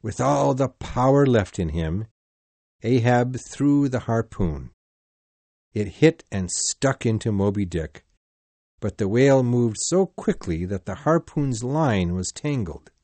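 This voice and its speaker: A man narrating a sea story in a deliberate, clearly paced reading. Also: medium pitch, lively intonation, dark tone, dry recording. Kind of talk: slow simplified-English story reading.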